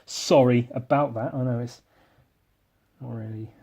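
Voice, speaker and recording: Guy ranting alone on his podcast, slow and sarcastic, swears a ton, puts himself down, talking into a podcast mic. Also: medium pitch, steady tone, gravelly, warm tone, husky. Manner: self-deprecating. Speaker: podcast host. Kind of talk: rambling solo podcast monologue. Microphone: podcast microphone.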